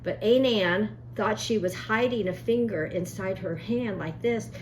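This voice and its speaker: This cooking show host speaks at a medium pitch and a measured pace, with slight hiss or hum in the audio. She's chatty and folksy, telling family stories as she cooks in her home kitchen.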